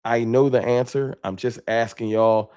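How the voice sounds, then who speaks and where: A man with a slight lisp hosting a casual sports talk live stream, talking straight to his chat in slangy, animated bursts. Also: medium pitch, normal speed, smooth.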